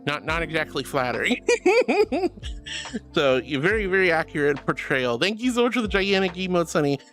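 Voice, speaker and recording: A woman's voice: on the low side, very animated, normal speed. Bubbly woman streamer with a bouncy, swooping voice and light music underneath. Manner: bubbly, giggly, affectionate. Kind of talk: casual chat, reading chat aloud.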